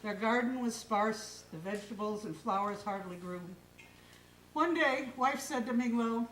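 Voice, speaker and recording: A woman storyteller with a fairly high voice tells a folk tale in a lively, expressive way. She is heard from far off in an echoing hall. A faint hum of ambience sits behind her. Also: a little slow. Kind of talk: folk tale told aloud on stage. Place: live stage in a hall.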